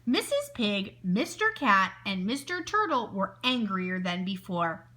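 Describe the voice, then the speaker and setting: A woman teacher reading a children's picture book aloud, expressive and stopping to ask her listeners questions. Her voice is bright and clear, and her pitch rises and falls with lively swings. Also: unhurried.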